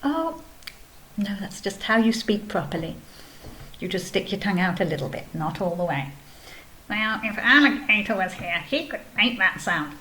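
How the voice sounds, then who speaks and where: A woman teaching a kindergarten video lesson, explaining patiently in a gentle, sing-song way. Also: fairly low pitch, expressive, moderate pace, slight background noise. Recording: echoey room, faint background ambience.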